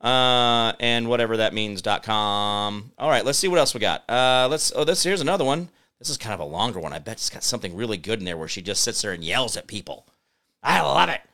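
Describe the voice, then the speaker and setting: A man's voice: fairly low pitch, expressive, brisk, sharp tone. A man hosting a political commentary show, ranting sarcastically and mocking others with put-on voices. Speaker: host.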